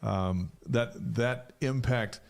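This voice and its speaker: A man's voice: medium pitch, drawn-out words, gravelly. A man co-hosting a sports talk show, prompting the guest with questions. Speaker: radio show co-host.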